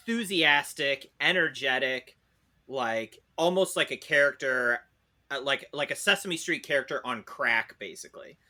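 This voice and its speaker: Animated, bright-voiced male storyteller. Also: mid-range voice. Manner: animated, laughs often, swears freely. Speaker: podcast co-host. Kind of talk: casual comedic storytelling.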